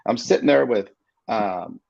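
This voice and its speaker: Gravelly husky guy, 40s, telling his story all halting and earnest, lots of ums, kinda muffled audio. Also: fairly low pitch, a little mellow, no echo. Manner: earnest, halting storytelling with many fillers and restarts. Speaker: inspirational speaker. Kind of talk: storytelling on a video call show.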